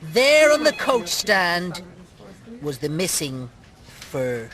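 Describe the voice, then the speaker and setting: Cantankerous Irish puppet bully; needs a high, bright, bouncing sneer. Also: male voice, very animated, slow, heavily acted. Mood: storytelling. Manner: mocking, insulting, gleefully crude. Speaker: puppet show co-host. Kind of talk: comic puppet storytelling and bickering.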